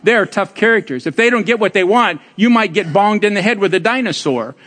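Older pastor guy preaching, kinda high voice, joking with the church, big echoey hall. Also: expressive, a little fast, fairly bright tone. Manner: storytelling, teasing the congregation; emphatic preaching with rising exclamations. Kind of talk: sermon. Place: church sanctuary. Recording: long hall reverb.

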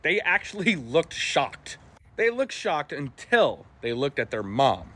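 Brief: man with a slightly high voice telling a funny anecdote, wry, faint hiss behind. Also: very animated, unhurried, sharp tone. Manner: wry, laughing storytelling. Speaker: storyteller in a short video clip. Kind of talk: casual anecdote told to camera.

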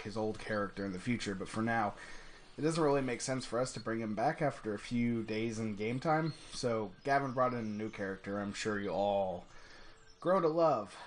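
A man hosting a tabletop role-play podcast, introducing the episode and running the game in a relaxed, chatty way. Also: lowish voice, slight background noise. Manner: relaxed, chatty, laughs easily. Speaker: game master and podcast host. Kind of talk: casual podcast narration and game mastering.

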